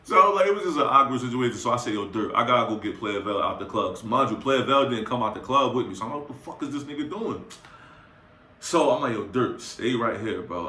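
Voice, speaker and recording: Young man, bright forceful voice, animated slangy storyteller, roomy echo. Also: lowish voice, slight background noise. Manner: animated, slangy, acts out quotes. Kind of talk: casual storytime anecdote.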